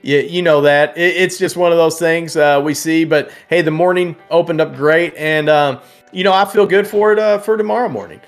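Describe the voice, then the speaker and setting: A man's voice: on the high side, moderate pace. Chatty man hosting a live trading stream. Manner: chatty, reads prices and chat names, sing-song repeats of names, laughs often. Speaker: livestream trading host. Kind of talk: casual live market commentary.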